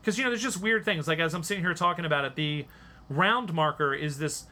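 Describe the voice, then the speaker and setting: A male podcast host talks through a review in a loose, rambling way, stopping often on fillers. His voice sits a bit high and sounds bright and forward. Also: fairly quick. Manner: chatty, rambling, many fillers. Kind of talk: casual review chat.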